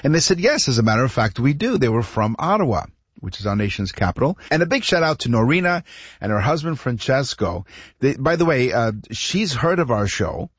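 Husky rambling male radio co-host. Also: medium pitch, very animated, fairly quick, dry recording, highs cut off. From Canada. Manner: rambling, repeats words, chuckles through stories. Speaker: radio talk show co-host. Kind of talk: casual radio chat, storytelling.

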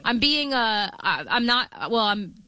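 A woman co-hosting a sports radio show, chatty and playful with quick asides. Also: fairly high pitch, animated, bright, forceful tone. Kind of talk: casual sports talk banter. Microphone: studio mic.

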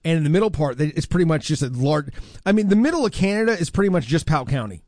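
Male radio host, animated, slightly high voice, dry studio sound, teasing banter. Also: very fast, no echo. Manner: teasing, joking. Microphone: studio mic.

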